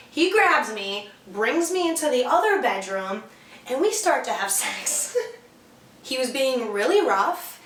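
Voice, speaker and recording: A young woman with a somewhat high voice tells a candid, profane story in a lively, casual way. She sounds distant from the microphone in an echoey room. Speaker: vlog co-host. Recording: echoey room, mic far off.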